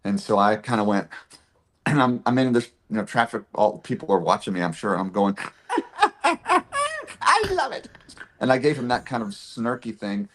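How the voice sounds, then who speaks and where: A man telling stories from his life in a casual interview, animated and full of restarts. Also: fairly low pitch, brisk. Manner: animated storyteller, frequent restarts and laughs. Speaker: podcast guest, pastor and actor.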